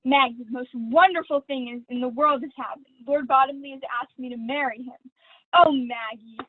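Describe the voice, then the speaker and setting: A woman's voice: high voice, fairly even intonation, normal speed, no room sound. A young woman acting a vain, gushing glamorous stage actress in a school play read over a video call. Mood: excited. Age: teens. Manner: theatrical, affected, honeyed. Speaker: student actor. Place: at home. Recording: dry, tinny video call audio.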